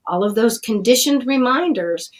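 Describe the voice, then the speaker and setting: A woman's voice: a little high, animated, moderate pace, poor audio. Earnest middle-aged woman scientist. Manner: earnest, plainspoken, with fillers. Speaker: addiction scientist, guest. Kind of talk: conversational storytelling.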